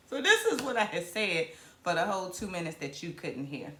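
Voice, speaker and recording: A woman comedian from Virginia in her thirties, hosting a casual live stream in a playful, animated way. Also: fairly low pitch, brisk. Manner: animated, playful, southern-tinged slang with hype-up exclamations. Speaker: comedian and show host. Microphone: camera mic on a live stream. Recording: roomy echo.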